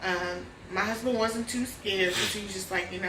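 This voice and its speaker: A woman's voice: medium pitch, normal speed, distant mic, background noise. Chatty woman telling a story in an echoey room. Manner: animated, addresses viewers as y'all. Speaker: vlogger. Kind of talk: casual storytime chat.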